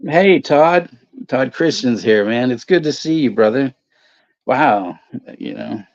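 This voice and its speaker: A man co-hosting a casual movie watch-along stream, telling stories in a halting, rambling way full of fillers. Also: mid-range voice, animated. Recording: dull lo-fi stream audio.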